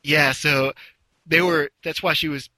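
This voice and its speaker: A man's voice: on the high side, steady tone, a little slow, pushed and bright, no room sound, rough recording. A man casually telling a long story, rambling a little and acting out the quotes. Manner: rambling, with restarts and acted-out quotes.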